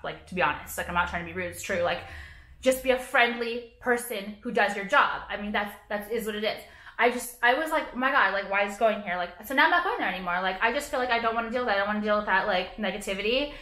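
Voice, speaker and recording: Bright-voiced woman ranting in an echoey room. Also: medium pitch. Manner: profane, filler-heavy, sarcastic. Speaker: vlogger. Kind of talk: casual rant to camera.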